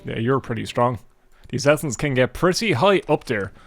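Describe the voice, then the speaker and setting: Irish male gaming host, loose rambling let's-play chat with casual swearing, average pitch, soft music bed. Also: expressive, normal speed. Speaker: gaming YouTuber.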